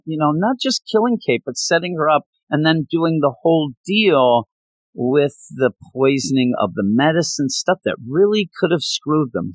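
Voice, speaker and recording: A man chatting casually on a podcast, excited and rambling, often restarting his sentences. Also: on the high side, dry recording. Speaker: podcast co-host. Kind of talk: casual chat about comics.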